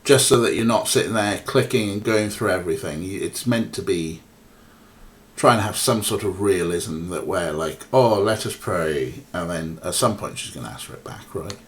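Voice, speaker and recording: Low-voiced rambling game streamer man. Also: normal speed. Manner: rambling and chatty, with many fillers, chatting to viewers and cats. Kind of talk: casual let's-play commentary.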